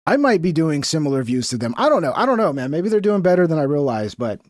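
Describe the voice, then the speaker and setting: A male streamer chats in a loose, rambling way, tossing in slangy asides as he reacts to clips. His voice sits a bit high for a man, and the sound is dry and close to the mic. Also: sing-song, fast, no echo. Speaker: streamer host. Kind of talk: casual chat reacting to clips.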